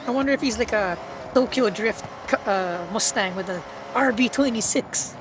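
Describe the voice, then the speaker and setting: A young woman streaming a driving game, excitable and stammering, often squealing and laughing as she drives. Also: mid-range voice, normal speed. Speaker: automotive VTuber streamer. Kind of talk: live gaming stream commentary. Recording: car engine noise behind.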